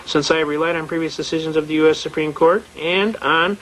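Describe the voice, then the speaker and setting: Brief: fast-talking male storyteller, slightly high voice, faint background hiss. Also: steady tone, a bit bright, low-quality recording. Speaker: speaker on legal rights. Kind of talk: anecdotal lecture.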